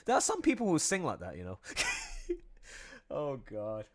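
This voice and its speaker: A man's voice: mid-range voice, huge pitch swings, normal speed. A man who draws comics, chatting casually on a livestream in a playful way, laughing often and breaking into song. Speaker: comic artist streaming his work.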